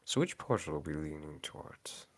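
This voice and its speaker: A man playing a tabletop role-playing game, speaking in character in a polite, measured way. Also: a bass voice, animated, breathy edge, no room sound, studio quality. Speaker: player.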